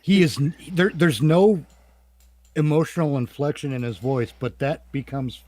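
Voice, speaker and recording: A man's voice: fairly high pitch, moderate pace, mellow, no echo. A man casually chatting on a podcast, rambling and laughing at his own jokes. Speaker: podcast host and comedy writer. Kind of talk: casual chat.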